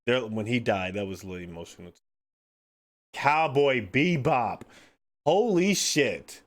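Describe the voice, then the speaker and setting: A man hosting his own podcast, chatting casually in a loose, excitable way, swearing freely and filling his talk with "like" and "man". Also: lowish voice, moderate pace. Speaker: podcast host. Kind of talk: casual solo podcast chat.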